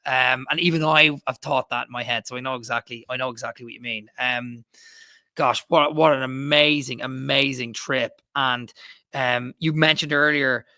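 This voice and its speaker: A man hosting a casual podcast chat, his voice bright and forward. He rambles enthusiastically, cutting himself off and restarting his sentences. The sound is close and dry. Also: medium pitch, fairly even intonation, moderate pace, dry recording. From Ireland. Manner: rambling, self-interrupting, enthusiastic. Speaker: podcast host.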